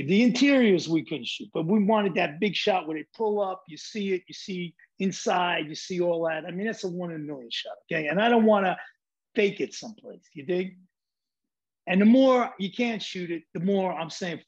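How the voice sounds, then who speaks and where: Gravelly, husky New York man. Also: high-pitched, dull audio. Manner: swaggering, profane, rambling. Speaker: film director guest. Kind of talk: casual storytelling.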